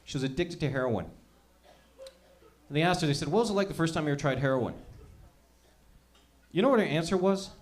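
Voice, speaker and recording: A young adult man doing a profane, rambling stand-up comedy set, telling animated stories to a crowd. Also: a little high, brisk, pauses often.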